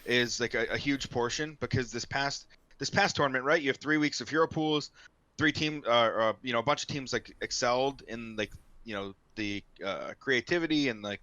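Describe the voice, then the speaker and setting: A man joins an esports discussion as a guest, talking loosely and packing his sentences with "like" and "uh." His voice is bright and forward, but it comes through a dull, lo-fi mic. The sound is dry, with no echo. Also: medium pitch, fairly quick. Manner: rambling, heavy on "like" and "uh" fillers.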